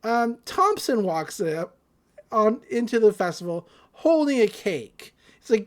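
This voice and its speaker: A woman's voice: fairly high pitch, big pitch swings, a little slow. A woman hosting a podcast, giving a casual, chatty episode recap with frequent fillers and giggles. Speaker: podcast host.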